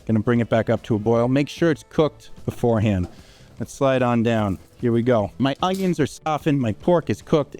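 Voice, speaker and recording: A man's voice: medium pitch, warm tone. A man hosting a home cooking demonstration, talking casually and tossing in "all right?" asides as he cooks in his kitchen. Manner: chatty, informal, with frequent "all right?" asides.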